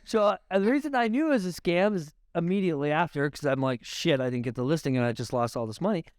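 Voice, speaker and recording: A man from Canada telling stories as a guest in a podcast interview, animated and swearing often, with laughs. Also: fairly high pitch, fast talker, no echo, clean studio sound. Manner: animated, profane, laughing storyteller. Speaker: realtor guest. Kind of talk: casual podcast storytelling. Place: podcast studio.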